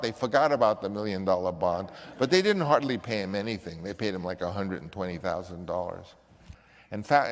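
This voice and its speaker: Give me a deep-voiced man telling an anecdote with halting restarts, in a reverberant space. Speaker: film director. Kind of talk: anecdotal storytelling.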